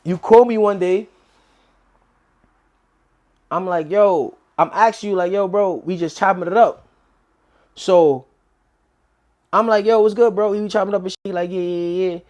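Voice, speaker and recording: High-voiced New man telling a story. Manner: animated street slang, quick quoted dialogue. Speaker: interview guest. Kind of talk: casual storytelling.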